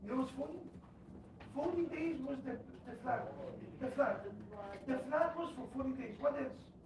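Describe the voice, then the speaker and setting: A man's voice: very high-pitched, moderate pace. A rabbi teaching a Torah class, quizzing his listeners and telling stories. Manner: quizzes the audience, lively storytelling. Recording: echoey room, distant mic, background noise.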